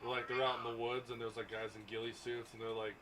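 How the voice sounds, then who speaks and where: A man's voice: mid-range voice, little pitch movement, fast, crowd noise. A man chatting casually with friends on an outdoor patio, rambling and swearing often. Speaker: host. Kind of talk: casual chat. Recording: noisy outdoor ambience.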